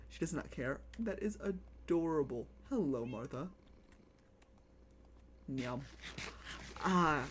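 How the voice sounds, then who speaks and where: An excitable live streamer chats casually over a game, repeating phrases and cooing over pets. The pitch leaps up and down, and faint keyboard typing sits in the background. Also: a little hiss or hum. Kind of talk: casual live gameplay chat.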